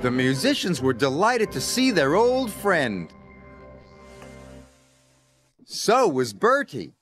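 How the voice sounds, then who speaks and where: A man reading a children's storybook aloud, taking his time and letting his voice rise and fall widely. Music plays clearly behind him the whole way. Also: on the high side. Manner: slow, expressive storytelling. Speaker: storybook narrator.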